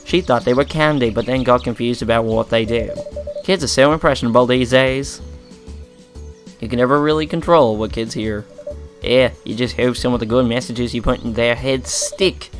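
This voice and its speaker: A man's voice: mid-range voice, fairly even intonation, normal speed, faint music behind, lightly acted. A man voicing a friendly middle-aged male shopkeeper and father in a put-on Australian accent, chatty and folksy.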